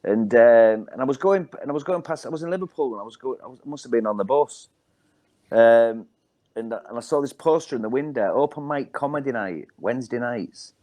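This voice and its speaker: This Hull-born, middle-aged man is a guest comedian whose rambling, wry stories are sprinkled with ums, told casually in his Hull accent. He has a warm, medium-pitched voice with lively intonation and talks a little fast.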